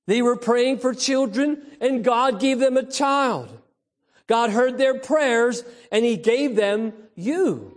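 A man's voice: extremely high pitch, expressive, slow pace. A male pastor preaching a Sunday sermon to the children, emphatic and storytelling, calling out to the congregation. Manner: storytelling, imitates baby cries.

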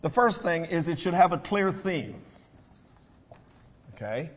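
American preacher with a slightly high voice. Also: male voice, expressive, a little slow, breathy edge. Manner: singing hymn lines between teaching; reads scripture aloud. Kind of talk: sermon.

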